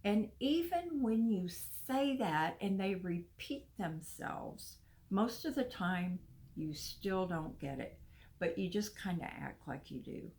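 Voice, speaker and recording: A woman's voice: on the low side, animated, takes it slowly, a little mellow, slight background noise. A chatty older woman, talking casually to her viewers and laughing now and then. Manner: chatty, confiding, laughs often. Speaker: vlogger. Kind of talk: casual talk to camera.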